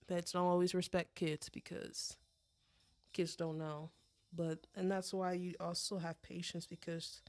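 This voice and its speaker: A woman co-hosts a relaxed pet podcast, her voice sitting on the low side. She talks in a loose, chatty way, filling pauses with ums and restarting her sentences. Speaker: podcast co-host. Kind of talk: casual chat.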